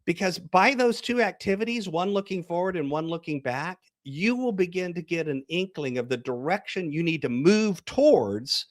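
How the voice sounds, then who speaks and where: Guy with a high voice walking you through a story, bone dry mic. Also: dry recording. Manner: storytelling, acts out dialogue. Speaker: guest coach and author. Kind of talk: podcast interview.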